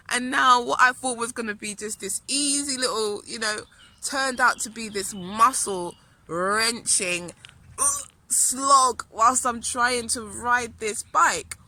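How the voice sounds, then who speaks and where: A woman speaking as a spiritual teacher in a personal storytelling monologue. Her voice sits somewhat high and sounds bright and forceful. She tells her story earnestly and drives her points home by repeating phrases. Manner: earnest, repetitive and emphatic.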